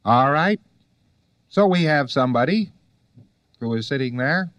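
A man's voice: mid-range voice, lively intonation, measured pace, a bit bright, no echo. A man giving a conversational lecture to students, full of rhetorical questions and wry asides.

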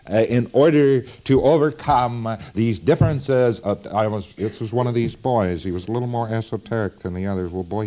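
A man's voice: lowish voice, muffled recording. A man giving a lecture to students in a folksy, emphatic, digressive way.

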